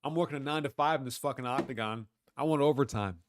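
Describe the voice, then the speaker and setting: A man's voice: mid-range voice, quick pace, a little hiss or hum. A man hosting a livestream, reading chat and talking back to it in a rambling, profane, slangy way. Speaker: livestream host.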